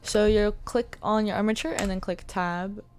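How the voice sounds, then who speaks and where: A woman's voice: mid-range voice, steady tone, moderate pace, a little mellow. A woman giving a casual screen-recorded tutorial, chatty and thinking aloud with many fillers, with the hiccups. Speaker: 3D modeling tutor.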